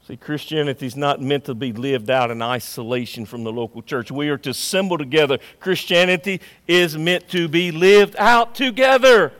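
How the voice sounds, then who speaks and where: Man, pastor, sermon, high voice, emphatic, loud and hushed by turns. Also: normal speed, few pauses. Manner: emphatic preaching, swings between loud and hushed. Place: church sanctuary.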